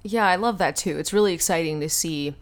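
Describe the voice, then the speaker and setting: A woman co-hosting a fan podcast, chatting casually, giggly and gushing. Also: fairly low pitch. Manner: giggly, gushing, talks fast. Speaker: podcast co-host.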